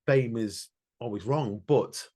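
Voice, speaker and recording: A podcast co-host shares a personal story in earnest, reflective emotional chat, restarting his sentences often. His mid-range voice is slow and warm.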